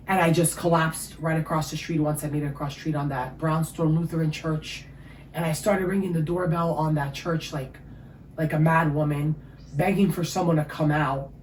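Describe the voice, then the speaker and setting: A woman, giving an emotional personal testimony as an interview guest. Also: on the low side. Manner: emotional, storytelling, animated. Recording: echoey room with faint ambient noise.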